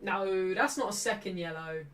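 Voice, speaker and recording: A woman hosting a live football watchalong, chatting cheekily and shouting out at refereeing calls. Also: mid-range voice, normal speed, distant mic. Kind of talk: live match watchalong commentary.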